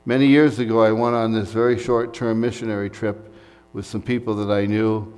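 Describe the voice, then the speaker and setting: A man from the United States delivers a Sunday sermon in a fairly low voice. He talks in an easy, conversational way, with fillers and asides between points. His voice rings out with the long reverb of a large church hall. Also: little pitch movement, a little fast, a little mellow, clean tone. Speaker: pastor.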